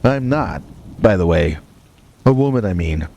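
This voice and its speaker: A man narrating a first-person horror story in a deadpan, matter-of-fact way with wry asides, with rain and thunder behind him. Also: low voice, unhurried, creaky.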